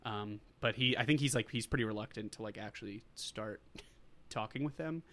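A man's voice: on the low side, moderate pace, fairly bright tone. A man co-hosting a podcast, recapping a movie in a rambling, casual way with lots of fillers. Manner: rambling, full of fillers and quoted lines. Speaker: podcast co-host.

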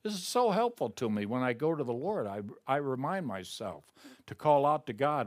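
A man's voice: mid-range voice, big pitch swings, moderate pace. Man preaching a sermon, pulpit voice. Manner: swings between raised emphatic reading and hushed prayerful murmur. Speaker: pastor.

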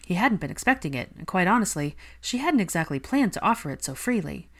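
A woman reading fan fiction aloud in a steady, calm narration. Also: on the low side, fast talker. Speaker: reader.

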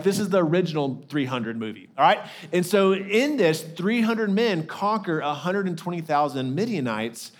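A middle-aged man preaching, his voice sitting a little high for a man. He talks conversationally, restarting phrases and throwing in casual asides as he works through the scripture. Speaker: lead pastor. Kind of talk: sermon.

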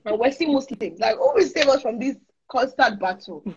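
A woman's voice: sits high, sing-song, normal speed, darkish tone, slight background noise. A woman with a Nigerian accent, co-hosting a casual faith chat on a livestream, chatty and playful. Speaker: co-host. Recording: dull lo-fi livestream audio.

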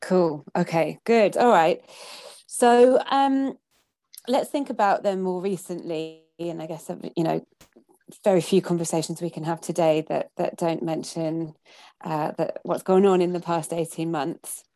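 Gravelly-voiced woman interviewer, halting. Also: lowish voice, fairly even intonation, dark tone, no room sound. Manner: hesitant, halting questions with restarts. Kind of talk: conversational interview.

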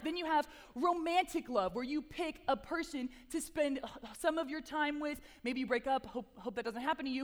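Upbeat young woman preaching in a hall. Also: high-pitched. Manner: chatty and upbeat, with playful asides. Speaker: chapel speaker, campus ministry assistant. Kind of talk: casual sermon with prayer. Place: large chapel hall. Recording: long hall reverb.

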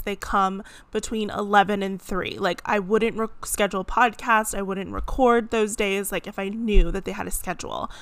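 A young woman talks through a casual solo podcast rant, chatty and animated, with lots of fillers. Her voice sits mid-pitch. The recording is dry, with no room sound. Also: clear, resonant tone, no room sound. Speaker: podcast host. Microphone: podcast microphone.

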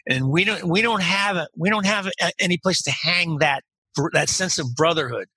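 A man's voice: a little high, bright, forceful tone, husky, no room sound, poor audio. A man talks through his thoughts in casual conversation, often restarting and repeating words. His voice is tense and edged with huskiness. The recording is dry and close. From United States. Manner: halting, repeats words while searching for them.

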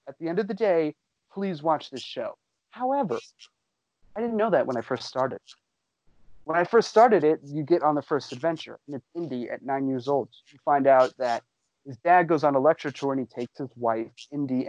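A man hosting a casual podcast, excitedly recapping a show for friends and swearing freely. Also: a little high, no room sound, highs cut off.

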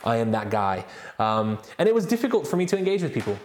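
Male pastor, mid-range voice, animated self-deprecating preacher, roomy church acoustics. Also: medium pitch, fast talker, a little hiss or hum. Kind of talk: sermon with personal story.

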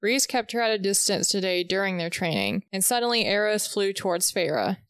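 Clear-voiced woman reading a book recap. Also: medium pitch, brisk, no echo, studio quality. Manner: steady, even-paced reading with dialogue read in. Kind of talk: reading a novel recap aloud.

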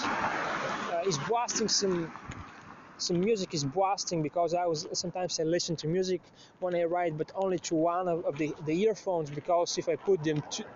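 The high-pitched man hosting this show tells a story off the cuff, swearing, being crude and restarting often as he rambles. Background noise runs through the slightly muffled, lo-fi audio.

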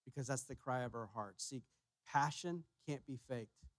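A man preaching a sermon as pastor, emphatic, repeating his key phrases and pushing louder on each point. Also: mid-range voice, moderate pace, dry recording. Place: church sanctuary.

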